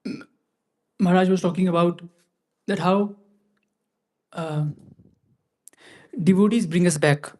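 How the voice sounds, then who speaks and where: Man, high voice, scripture class, slow chanted verses, loose casual explaining. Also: steady tone, a little mellow. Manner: chanting Sanskrit verses slowly, then explaining casually with fillers. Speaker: class speaker.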